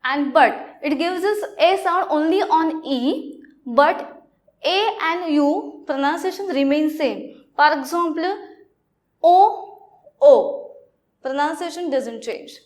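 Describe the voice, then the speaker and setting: Slow, high-voiced Indian woman teaching. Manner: halting, repeats phrases, slow explaining. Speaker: French teacher. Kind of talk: classroom lecture.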